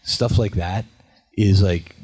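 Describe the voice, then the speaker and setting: A middle-aged man answering fan questions at a convention panel, chatty and animated, acting out quotes as he tells stories. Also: low-pitched, slow, slightly rough. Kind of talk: casual storytelling Q&A.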